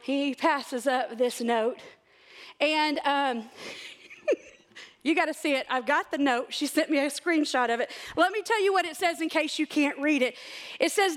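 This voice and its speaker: Middle-aged woman, high voice, excited storyteller at church. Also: normal speed. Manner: chatty, excited, laughs often. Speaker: church speaker. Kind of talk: church talk with personal stories.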